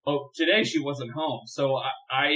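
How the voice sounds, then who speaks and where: A young man with a bright, forward voice, chatting casually as a podcast guest. He tells his stories with lots of energy and breaks into laughter often. His voice sits a little high for a man. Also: measured pace, lo-fi sound. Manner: laughs often, animated storytelling. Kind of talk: casual chat.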